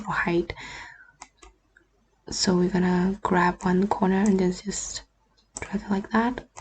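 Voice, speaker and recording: A woman whose first language is not English, talking through a screen-recorded editing tutorial in a relaxed, often half-whispered way. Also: mid-range voice, slight background noise. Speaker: YouTuber. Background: faint keyboard and mouse clicks.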